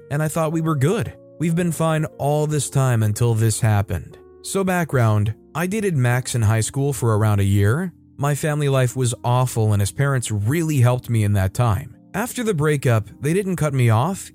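A man's voice: medium pitch, a little mellow. A man reading online posts aloud and adding casual, offhand opinions between them. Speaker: story reader and commentator.

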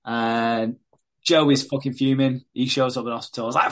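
A man's voice: medium pitch, steady tone, brisk. Sweary man recapping casually. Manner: sweary, laughing, acts out quotes.

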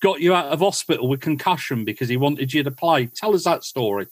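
A man interviewing a guest in a relaxed, conversational way. His somewhat high voice sounds close and dry, with no room around it. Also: brisk, no room sound. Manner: prompting, conversational. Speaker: interviewer, writer. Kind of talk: casual interview.

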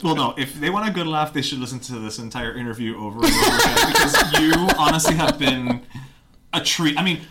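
A podcast host chats casually and adds short, friendly remarks. The pitch moves in a lively way. Loud background noise runs under the voice. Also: a little fast. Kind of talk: casual chat.

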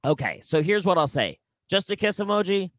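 A man co-hosting a comedy podcast, riffing in a deadpan, drawn-out way in casual chat. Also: sits high, no room sound. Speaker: podcast co-host.

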